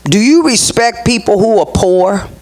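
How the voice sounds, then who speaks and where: A man giving a lively, conversational training workshop to a group, asking the audience questions and acting out example phrases. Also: high-pitched, measured pace. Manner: acts out sample phrases and voices while teaching.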